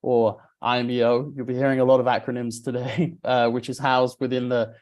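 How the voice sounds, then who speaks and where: A man moderating a formal webinar, speaking politely and in a measured way, his voice slightly muffled by tonsillitis. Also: mid-range voice, little pitch movement, a little mellow. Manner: measured and polite, with occasional filler hesitations. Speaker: event moderator.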